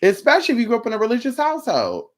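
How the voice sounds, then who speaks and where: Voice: mid-range voice, huge pitch swings. A live streamer chatting casually with viewers, sassy and campy, calling them girl and honey, swearing freely and rambling from topic to topic. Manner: sassy, campy, drawn-out endearments, frequent profanity.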